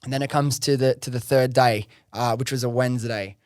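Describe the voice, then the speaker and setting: In a casual storytelling interview, this podcast guest recounts his business journey fairly quickly and at a mid pitch. He's excitable and chatty, curses freely, and leans on "like" and "bro," captured close-up on a dry mic with no echo or room sound.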